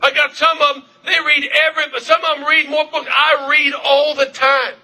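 A man preaching a revival sermon, fervent, repeating his questions and shouting at the peaks. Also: extremely high pitch, level tone, normal speed. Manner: fervent, shouting at peaks, repetitive calls to the congregation. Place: church service.

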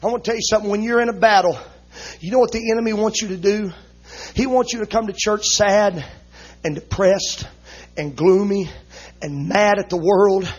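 Man, very high voice, husky, fervent preacher, shouts rhythmic lines, punctuates with "uh, amen", emotional sermon. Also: moderate pace, dull audio. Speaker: visiting preacher.

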